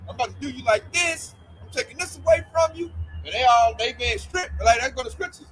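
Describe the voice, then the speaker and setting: A man leading a casual religious group talk, animated and mocking as he acts out scared people. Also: very high-pitched, brisk, breathy edge, poor audio.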